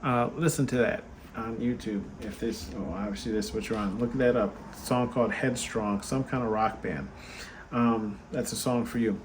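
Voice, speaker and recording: A man's voice: fairly low pitch, moderate pace. Tired-sounding man doing a card reading. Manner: chatty, many fillers, talks to viewers directly. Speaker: tarot card reader and channel host. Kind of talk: casual oracle card reading. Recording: steady background noise.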